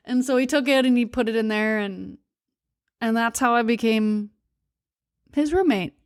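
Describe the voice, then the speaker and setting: Woman host, young, confessional storyteller; bright-ish high voice, dry close sound. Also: normal speed, smooth, dry recording. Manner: candid, confessional, laughs between words. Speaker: podcast host. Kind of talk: personal storytelling.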